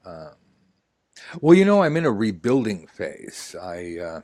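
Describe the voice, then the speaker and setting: Low-voiced man hosting a jokey tarot game. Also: very animated, measured pace, darkish tone, no room sound. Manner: jokey, rambling, breaks into laughter. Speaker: host of a tarot lesson. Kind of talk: playful role-play game chat.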